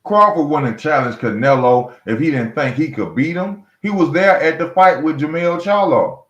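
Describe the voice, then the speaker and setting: Man ranting about boxing in a roomy, dull recording. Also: medium pitch. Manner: blunt, mocking, repetitive, speaks straight to fighters. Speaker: boxing commentary host. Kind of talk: heated solo boxing rant.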